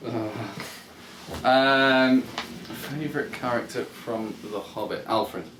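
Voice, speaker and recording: A man co-hosting a podcast in casual chat, easygoing and quick to laugh along. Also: medium pitch, a bit bright. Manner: easygoing, laughs along and reads listener questions. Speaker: podcast co-host. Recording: roomy echo, faint background hiss.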